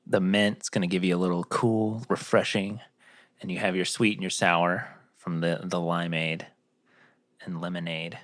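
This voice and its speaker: A man's voice: low voice, flat delivery, normal speed, fairly bright tone, no room sound, studio quality. A man hosting a casual podcast, doing upbeat introductions and joking loosely with friends. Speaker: podcast host.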